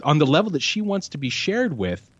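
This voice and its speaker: Podcast guest, man, lively pitch, dry close mic with slightly dull sound; casual film talk. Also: fairly quick, husky, no room sound. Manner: animated, jumps into impressions of film lines.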